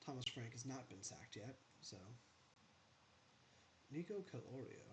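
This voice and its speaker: A man's voice: mid-range voice, expressive, a little slow, fairly bright tone, a little hiss or hum. A man giving casual gameplay commentary as a gaming channel host, rambling in asides and talking back to the game.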